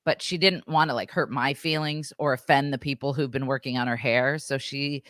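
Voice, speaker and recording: Low-voiced woman telling a story. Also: steady tone, normal speed, few pauses, fairly bright tone, dry recording, clean studio sound. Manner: chatty, filler-heavy, acts out quoted voices. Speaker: podcast co-host. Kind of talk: casual storytelling chat.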